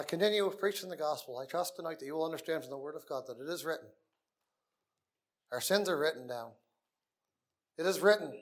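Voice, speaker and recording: A man preaching a gospel sermon in an earnest way, repeating key phrases and dropping to a near whisper on the most solemn lines. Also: fairly high pitch.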